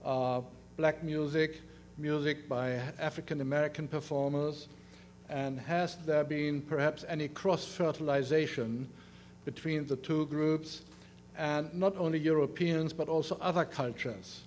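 Older german guy giving a conference talk, thick german accent, lots of uhs and restarts, a bit high-pitched. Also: fairly even intonation, darkish tone, slight background noise. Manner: halting, many "uh" fillers and restarts. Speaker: guest lecturer. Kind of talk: conference presentation.

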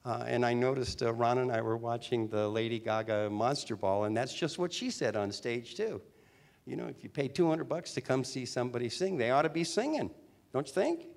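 A man in his sixties, a former teen singer and actor, telling animated anecdotes as an interview guest. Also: medium pitch, a little fast, vocal fry. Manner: chatty, animated, with restarts. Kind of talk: storytelling interview talk.

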